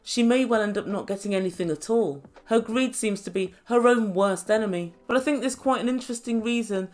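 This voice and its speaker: A woman's voice: mid-range voice, fairly quick, a little mellow. A woman reviewing a reality show, chatty and wry with sarcastic asides. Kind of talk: casual recap commentary.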